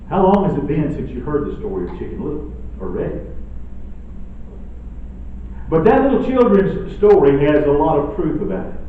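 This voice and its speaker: A man preaching a sermon in a church, swinging between loud outbursts and hushed lines. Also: medium pitch, a little hiss or hum. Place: church sanctuary. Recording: echoey, phone-like distant church audio.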